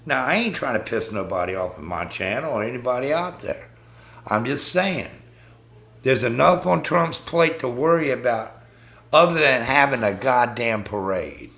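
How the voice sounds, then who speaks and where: Man, live-stream host, heated profane rant, gravelly voice, swooping pitch. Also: lively intonation, normal speed, a bit bright. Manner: heated, blunt, swears constantly, talks to viewers as folks.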